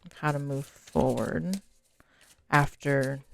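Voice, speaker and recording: A woman's voice: low voice, fairly even intonation, takes it slowly, vocal fry, a little hiss or hum. A woman giving a casual, chatty tarot reading to her viewers, full of fillers and the odd swear word. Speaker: tarot reader.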